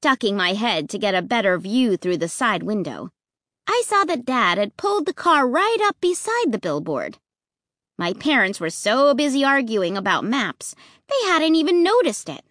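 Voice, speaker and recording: A woman narrating a children's horror story in the first person with an expressive, suspenseful delivery. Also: mid-range voice, moderate pace, no echo, clean studio sound. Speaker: audiobook narrator.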